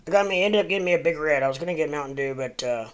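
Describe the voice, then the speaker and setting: A man's voice: fairly high pitch, very fast. An American man chatting casually on a livestream, rambling with lots of fillers and restarts, and talking to his dog in between. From United States. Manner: talks to his dog mid-stream. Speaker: crypto livestream host.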